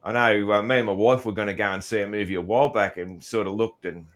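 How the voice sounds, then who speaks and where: A man's voice: on the low side, steady tone, fast, fairly bright tone. Laid-back Australian man hosting. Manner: laid-back, rambling, laughs often. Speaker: podcast host. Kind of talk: casual chat.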